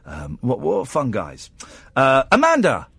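A man hosting a late-night radio phone-in, bantering quick-wittedly and teasing his callers. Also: medium pitch, huge pitch swings, gravelly, a bit bright, slightly rough, no room sound. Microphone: studio microphone.

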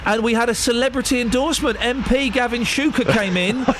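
A man's voice: very high-pitched, a little fast, a bit bright, a little hiss or hum. A man hosting a radio phone-in, bantering playfully with callers. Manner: playful, teasing, attempts mock accents. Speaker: radio host.

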